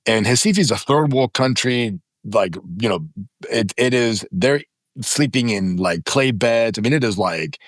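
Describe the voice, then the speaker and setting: Guest voice: man in his fifties, lively pitch, dry close studio sound, emphatic storyteller. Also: measured pace, no echo. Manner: emphatic, dramatizes stories with quoted voices. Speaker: podcast guest. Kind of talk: animated storytelling in conversation. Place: podcast studio.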